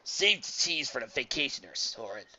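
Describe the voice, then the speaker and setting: A man's voice: medium pitch, sing-song, normal speed, pushed and bright, heavily acted. A man voicing a blunt teenage boy who speaks plainly and curtly, on a dull lo-fi recording.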